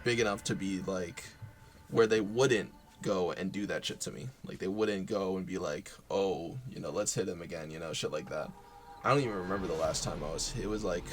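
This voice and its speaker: A young man talking unscripted about his own life, halting, with lots of fillers and casual swearing. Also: fairly low pitch, a bit bright, a little hiss or hum. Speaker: vlogger. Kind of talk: unscripted personal talk.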